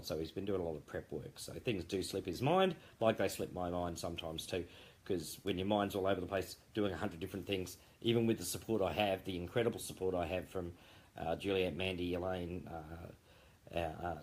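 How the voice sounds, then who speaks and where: Low guy rambling on a late night live, jokey, lots of ums and restarts, sounds tired. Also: husky. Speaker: founder giving a live update. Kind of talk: rambling live-stream update.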